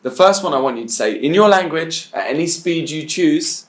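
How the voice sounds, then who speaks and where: A man's voice: on the high side, expressive, moderate pace, roomy sound, a little hiss or hum. A man teaching a bootcamp session, telling a story and acting out both sides of a chat.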